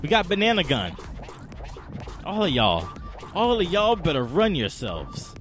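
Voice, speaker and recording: A young man giving let's-play commentary, reacting out loud to a game with groans, cheers and sudden shouts. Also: a little slow, long pauses, faint music behind. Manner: excitable, shouts and groans at the game, swings high and low. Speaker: gaming channel host.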